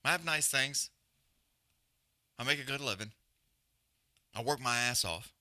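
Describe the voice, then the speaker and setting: A blunt man rants on a live stream, swearing constantly and hammering his points home through repetition. His voice is very bright and cutting, at a middle pitch. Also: measured pace. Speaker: podcast host. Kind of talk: profane rant on a live stream.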